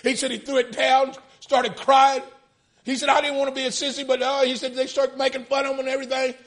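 A man preaching, retelling a story in folksy speech and building to fervent, near-shouted peaks. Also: extremely high pitch, completely flat delivery, fairly quick. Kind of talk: storytelling sermon.

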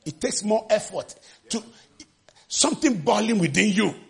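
A man preaching a sermon with passion, shouting refrains and acting out the scripture quotes. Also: lively intonation, normal speed, vocal fry, breathy edge. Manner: acts out quotes with sudden pitch jumps.

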